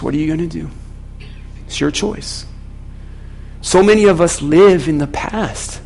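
A man's voice: fairly high pitch, a little slow, gravelly, pauses often, low-quality recording. A man preaching a sermon as a pastor, questioning the congregation directly.

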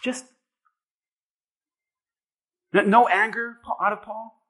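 A male pastor preaching a sermon, dramatic and rising to shouts as he acts out what people would say. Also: high voice, fairly even intonation, takes it slowly. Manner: dramatic, shouting at peaks, acting out quotes.

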